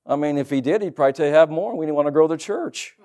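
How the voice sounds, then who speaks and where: A man's voice: fairly high pitch, animated, fast talker, dark tone. A middle-aged man preaching a sermon as pastor, folksy and joking asides to the congregation.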